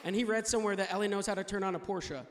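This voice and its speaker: On a comedy club stage, a man races through a stand-up set, laughing at his own jokes and doing the voices of the people he quotes. His voice is high with fairly even intonation, and the audience's laughter and chatter fill the room.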